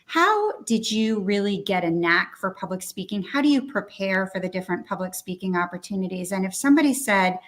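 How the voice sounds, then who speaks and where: A woman from a small town who hosts a podcast, asking questions in a thoughtful, measured way. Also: mid-range voice, a bit bright. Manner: thoughtful, measured, with frequent "um" fillers. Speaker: podcast host and interviewer. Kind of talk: conversational interview.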